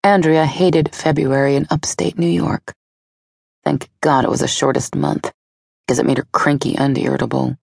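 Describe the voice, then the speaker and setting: A woman narrating an audiobook in a steady, even storytelling delivery on a close studio mic. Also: very deep voice, moderate pace, gravelly, husky, dry recording.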